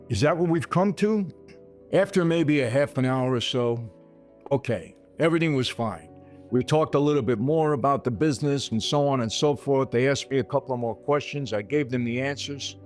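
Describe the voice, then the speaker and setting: A man's voice: medium pitch, normal speed, a little mellow. Man telling a story over faint music. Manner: speaks straight to listeners, calling them "people"; retells scenes by acting out quoted dialogue. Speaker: podcast host. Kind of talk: storytelling monologue.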